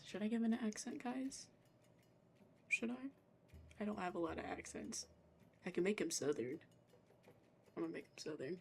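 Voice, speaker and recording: A woman's voice: medium pitch, normal speed, vocal fry, long pauses, faint music behind. A young woman chatting casually and self-deprecatingly while playing a game and voicing its characters. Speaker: game streamer. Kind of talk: casual gameplay commentary.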